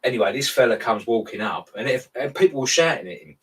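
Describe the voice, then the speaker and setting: A man's voice: mid-range voice, lively intonation, fast, fairly bright tone, far from the mic, rough recording. A man telling a long dream story in casual chat. He rambles, restarts often and acts out quoted lines. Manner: rambling storyteller, self-interrupting.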